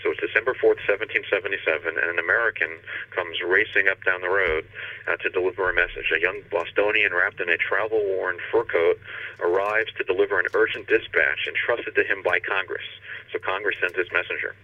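A man hosting a history podcast, telling a story in a casual, animated way and acting out the quotes. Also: deep voice, a little fast, dry recording, recorded from a distance, narrow, tinny audio.

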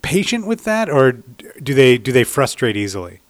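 A man's voice: medium pitch, big pitch swings, moderate pace, dry recording. A man interviewing a guest, asking curious, rambling follow-up questions. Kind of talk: casual interview.

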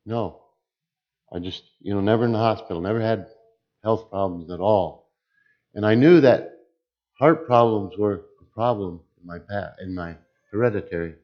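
A man with a very low voice gives a personal testimony in church. He talks slowly and with care, weighing each word. The recording sounds dull and slightly lo-fi. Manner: slow, deliberate speech. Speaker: church deacon.

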